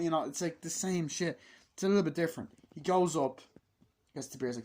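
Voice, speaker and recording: This man's voice sits fairly high with a darkish tone. He complains about a film in a blunt, profane, casual review, switching into quick put-on voices to act out scenes.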